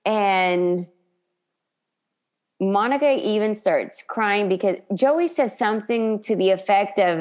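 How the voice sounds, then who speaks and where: A woman's voice: medium pitch, slow. A woman in casual chat, co-hosting, telling a story animatedly. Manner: animated storyteller who acts out quotes. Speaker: podcast co-host. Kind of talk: casual chat recapping a sitcom.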